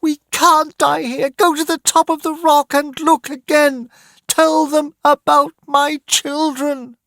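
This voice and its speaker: A man's voice: very high voice, flat delivery, takes it slowly, a bit bright, no room sound, clean studio sound, voice pushed up, exaggerated voice. A man voicing a desperate mother who pleads and screams for help for her children in a storybook reading. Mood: screaming. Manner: pleading, screaming, sobbing prayer. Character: desperate woman, a frantic mother.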